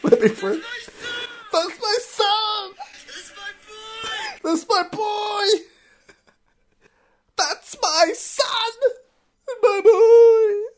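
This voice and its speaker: A man putting on a grief-stricken father, wailing and sobbing in a shrieking falsetto over his son. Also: very slow, long pauses, exaggerated voice. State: crying.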